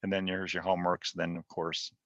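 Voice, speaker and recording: A male professor talks through an online class in a casual, joking way, thinking aloud as he goes. His voice is lowish but forceful and bright, and it sits dry and close in slightly dull video-call audio. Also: flat delivery, a little fast, no echo. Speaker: college geography professor. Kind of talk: recorded online class session.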